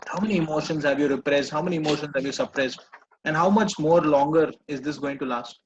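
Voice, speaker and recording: A man coaching a live group, gently repeating reassuring phrases. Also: fairly high pitch, fast talker, highs cut off, noisy background. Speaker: personal growth coach.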